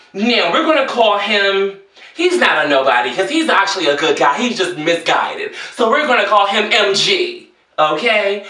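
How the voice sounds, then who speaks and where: A man telling a story in a sassy, theatrical rant, jumping into high exclamations. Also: bright, forceful tone. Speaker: vlogger. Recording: echoey room, voice a bit far from the mic.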